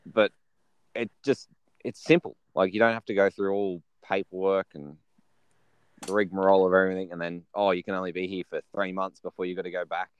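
Easygoing Australian guy, deep smooth voice, casual guest chat. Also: little pitch movement, fairly quick, dry recording, dull audio. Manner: laid-back, self-deprecating, easygoing.

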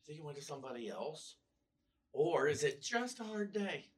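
A man's voice: a little high, very animated, fairly quick, far from the mic. A male minister giving a casual, storytelling sermon with wry humor, often restarting his sentences. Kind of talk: conversational sermon. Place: church.

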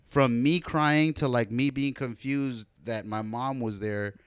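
A man's voice: mid-range voice, steady tone, slow pace, clear, resonant tone, no room sound, clean studio sound. A man co-hosting a podcast, telling a long story in casual, profane chat with lots of fillers. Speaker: podcast co-host.

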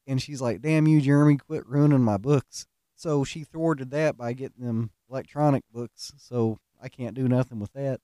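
A man's voice: mid-range voice, mellow, dry recording, studio quality. Folksy man telling prank stories. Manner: folksy, self-mocking, laughs at own stories. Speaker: podcast host. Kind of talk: casual storytelling monologue.

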